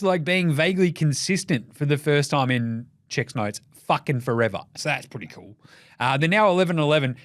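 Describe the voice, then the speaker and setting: An Australian man hosting a basketball podcast, riffing in a jokey, profane, rapid-fire way. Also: fairly high pitch, a bit bright, dry recording, clean studio sound. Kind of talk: casual solo commentary.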